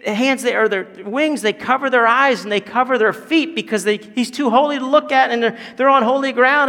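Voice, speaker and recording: Preacher guy w a high voice, goes quiet then loud, big echoey church sound. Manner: animated, swings from hushed to loud. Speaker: pastor. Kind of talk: sermon.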